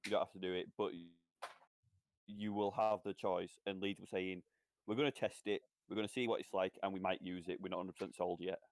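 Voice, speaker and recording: A young man on a casual podcast, teasing the others with halting starts. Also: deep voice, steady tone, no room sound. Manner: teasing, halting, laughs easily. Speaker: podcast co-host. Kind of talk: casual chat.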